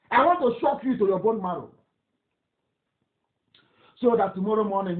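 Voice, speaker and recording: Brief: high-voiced Nigerian man, fiery scornful broadcaster, phone-line quality. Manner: fiery, scornful, repetitive, laughs derisively. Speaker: political activist broadcaster. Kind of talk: impassioned radio broadcast.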